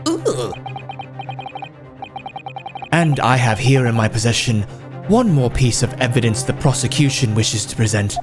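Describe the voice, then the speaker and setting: A man's voice: mid-range voice, expressive, measured pace, pauses often, pitched below the performer's own voice, natural voice. A man voicing a haughty, contemptuous aristocratic prosecutor in grand, formal courtroom speech, with game music behind. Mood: accusing. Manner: pompous, formal courtroom oratory.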